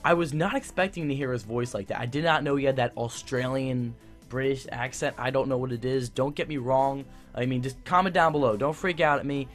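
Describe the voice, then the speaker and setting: A man's voice: mid-range voice, fairly quick, soft background music. A young man giving a casual, enthusiastic TV review that rambles, with many fillers and restarts. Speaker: YouTube TV reviewer.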